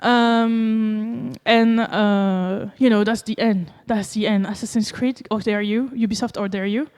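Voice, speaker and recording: A woman's voice: medium pitch, fairly even intonation, unhurried, darkish tone, clear, resonant tone. A woman with a French accent giving a conference talk in a casual, joking way with many fillers. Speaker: conference speaker. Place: conference hall. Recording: long reverb of a conference hall.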